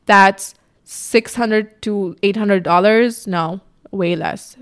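A woman's voice: mid-range voice, steady tone, a little slow, smooth. A young woman hosting a casual podcast, telling her own story in a candid, chatty way, swearing freely and mimicking herself in quotes. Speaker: podcast host. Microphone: camera on a tripod in front of her.

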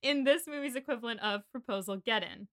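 A woman's voice: fairly high pitch, quick pace, a bit bright. An American woman in casual podcast chat, retelling a film's plot in long, breezy summaries.

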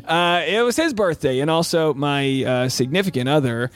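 Upbeat high-voiced man, podcast host. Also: animated, normal speed. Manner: upbeat, jokey, rambling asides. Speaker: podcast host and stand-up comic. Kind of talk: energetic solo podcast chat.

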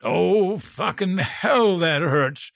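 A man's voice: fairly low pitch, lively intonation, takes it slowly, a bit bright, no echo, studio quality. A man voicing a brutal, foul-mouthed adult male biker who snarls profane threats. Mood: pained.

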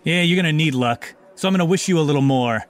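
A man's voice: a little high, quick pace. A man narrating a comedy tabletop game as game master, rambling with many fillers and restarts.

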